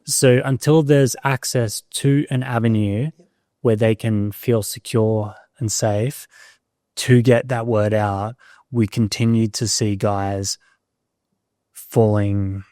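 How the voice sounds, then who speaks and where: Measured low-voiced podcast host. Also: male voice, fairly even intonation, warm tone, no room sound, studio quality. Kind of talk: interview questions.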